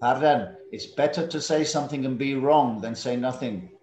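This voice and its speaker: A man teaching English to students over a video call. He is patient, drills words slowly, calls on students by name and drops in Indonesian classroom words. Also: medium pitch, a little mellow, reverberant, a little hiss or hum.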